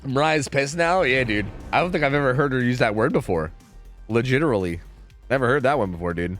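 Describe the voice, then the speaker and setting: A man's voice: mid-range voice, quick pace, a bit bright, soft background music. A young man streaming, chatting casually with viewers in a rambling, profane, sarcastic way.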